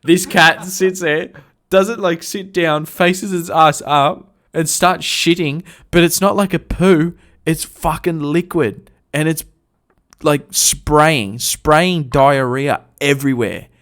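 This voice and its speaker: A man's voice: a little high, takes it slowly, fairly bright tone. A man co-hosting a podcast, telling rambling work stories full of slang and swearing. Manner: profane, rambling, heavy slang. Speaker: podcast co-host. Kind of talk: casual storytelling.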